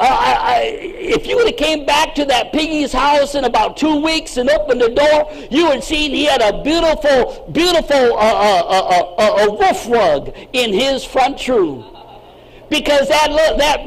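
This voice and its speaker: A man's voice: extremely high pitch, creaky, a bit bright, poor audio. A male pastor telling a story in a sermon, with an exclamatory, repetitive preaching cadence.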